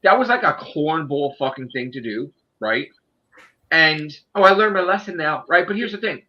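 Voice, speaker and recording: A man's voice: fairly high pitch, expressive, moderate pace. A man casually discussing a movie on a podcast in a ranting, profane and emphatic way. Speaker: podcast host. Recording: dull lo-fi sound.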